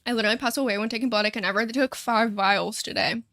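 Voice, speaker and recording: A woman's voice: a little high, fast, fairly bright tone, dry recording, clean studio sound. A young woman streaming a life-sim game, chatting casually and rambling with frequent laughs and casual swearing. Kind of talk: casual livestream chat while playing a life-sim game.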